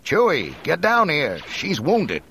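A man voicing a brash, quick-talking male smuggler hero in an audiobook reading, his voice lifted and urgent. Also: lowish voice, animated, pushed and bright, a little hiss or hum, voice pushed up. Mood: alarmed. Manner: urgent, raised voice.

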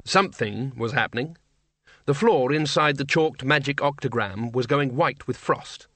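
A man narrates a novel in a measured, wry way, in a mid-range voice. He is recorded close to the mic in a dry, dead studio sound with no room echo. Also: mid-range voice, fairly bright tone. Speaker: audiobook narrator. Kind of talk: scripted audiobook narration.

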